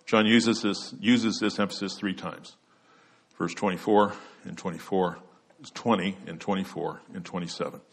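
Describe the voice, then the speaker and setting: A man's voice: low voice, steady tone, moderate pace, breathy edge. A man preaching an expository sermon, earnest and emphatic, letting his voice drop at the end of each point.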